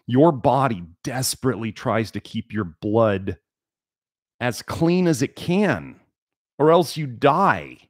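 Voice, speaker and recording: A man's voice: medium pitch, big pitch swings, slow, slightly rough, dry recording, clean studio sound. A man hosting a health livestream, lecturing emphatically and repeating key words for stress. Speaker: livestream host.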